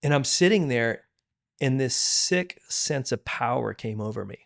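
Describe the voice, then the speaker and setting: A man's voice: medium pitch, lively intonation, unhurried, vocal fry. Earnest middle-aged pastor telling his story. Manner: earnest storyteller, restarts and repeats words. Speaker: pastor and podcast guest. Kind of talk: candid testimony in conversation.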